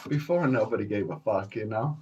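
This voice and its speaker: A man's voice: on the low side, a little fast, dark tone, slightly rough, highs cut off. A man hosting a podcast, rambling through stories in a profane, laid-back way and chuckling as he calls his listeners folks. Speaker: podcast host. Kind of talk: rambling solo storytelling.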